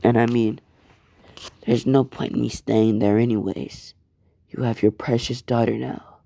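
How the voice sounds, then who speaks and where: A man voicing a cold, menacing teenage boy with dark powers, who speaks low, quietly and with scorn. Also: flat delivery, unhurried, vocal fry, dry recording, clean studio sound. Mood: scornful.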